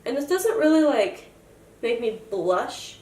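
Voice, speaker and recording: A woman's voice: fairly high pitch, big pitch swings, slow pace, darkish tone. Young woman, makeup tutorial, chatty, self-joking, distant camera mic, roomy echo. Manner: chatty and self-joking, explaining each step. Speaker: makeup vlogger.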